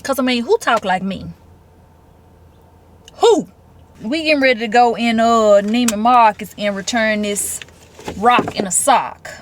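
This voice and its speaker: A woman's voice: on the high side, a little slow, long pauses, a little hiss or hum. A woman, chatting expressively to her viewers in a casual vlog. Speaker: vlogger.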